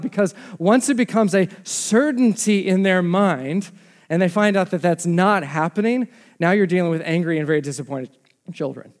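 Pastor preaching in a reverberant hall. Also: male voice, high-pitched, moderate pace. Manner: animated, conversational preaching with rhetorical questions. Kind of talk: sermon.

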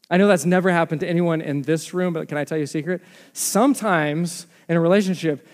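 Pastor preaching in a reverberant hall. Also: male voice, fairly high pitch. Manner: animated, conversational preaching with rhetorical questions. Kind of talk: sermon.

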